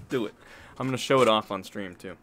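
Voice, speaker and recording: A man's voice: on the low side, normal speed, fairly bright tone, slight background noise. A man streaming a video game live, joking, swearing freely and chatting with his viewers. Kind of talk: live gameplay stream commentary.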